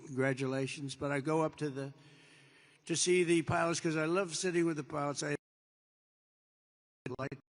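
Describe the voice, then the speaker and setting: A man's voice: on the high side, fairly even intonation, normal speed, long pauses. An older man giving a rambling speech as president, digressing and repeating himself, acting out bits of dialogue in an anecdote. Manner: digressive, repetitive, with acted-out quotes. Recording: long reverb of a large hall.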